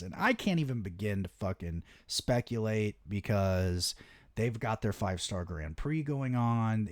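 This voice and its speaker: A young man hosting his own wrestling talk show, talking in a low voice that swings up and down as he gets fired up. He swears constantly and rants with eager enthusiasm. The sound is close and dry, with no room around it. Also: no echo. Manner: excitable, heavy swearing, animated rants. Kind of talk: casual solo commentary.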